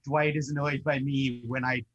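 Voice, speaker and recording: A young man co-hosting a toy collecting show, chatting in an excitable, rambling way. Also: mid-range voice, moderate pace, muffled recording. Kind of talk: casual chat.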